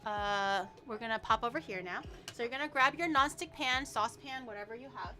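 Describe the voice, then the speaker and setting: Bright-voiced young woman cooking on stream. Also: on the high side, a little fast, faint music behind. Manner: chatty, explains steps, swears casually. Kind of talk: casual cooking stream chat.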